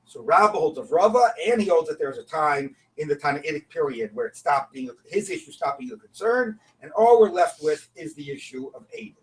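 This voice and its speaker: A man teaching a Talmud class in a conversational, animated way, his voice pitched a little high. He talks from some distance from the mic, so the room is heard around him. He keeps tossing rhetorical questions at the class. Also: a little fast, few pauses. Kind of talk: lively classroom Talmud lesson.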